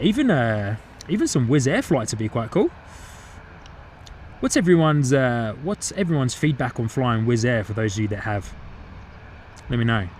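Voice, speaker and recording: A man's voice: mid-range voice, slight background noise. A man with a New Zealand-tinged English accent, casually commentating live outdoors beside an airport and chatting with viewers, often repeating his own phrases. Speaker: plane-spotting livestream host.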